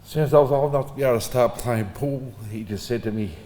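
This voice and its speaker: A man's voice: mid-range voice, quick pace, warm tone. A middle-aged Australian man giving an informal eulogy for his father, telling casual stories with the odd chuckle. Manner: casual storytelling, chuckling between anecdotes. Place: funeral service hall. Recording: echoey hall with faint ambience.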